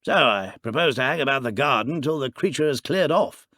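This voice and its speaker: A man's voice: mid-range voice, animated, bright, forceful tone, no echo, clean studio sound, pitched above the performer's own voice. A man doing a jolly, scoffing doctor. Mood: jovial, dismissive. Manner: brisk and boisterous, laughing off talk. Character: jolly, hearty middle-aged male doctor, scoffing.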